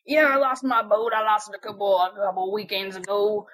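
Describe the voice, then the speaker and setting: A woman voicing a dim-witted man who lost his boat while drunk, talking in a slow, fumbling way. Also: medium pitch, level tone, fairly bright tone, voice pushed down, natural voice. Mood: dopey.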